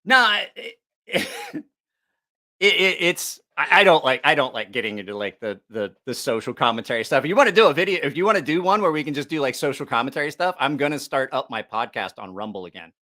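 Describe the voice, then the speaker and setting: A man hosting a casual livestream chat, telling a profane story with lots of laughter and animated asides. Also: on the high side, fairly quick. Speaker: knife channel host.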